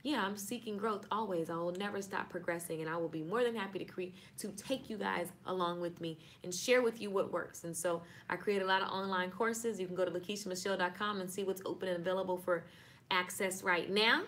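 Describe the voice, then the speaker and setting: A woman's voice: fairly low pitch, fairly even intonation, brisk, fairly bright tone, a little hiss or hum. A woman with a Southern US accent, chatting casually and playfully on a live stream about marketing. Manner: chatty, playful, signs off again and again.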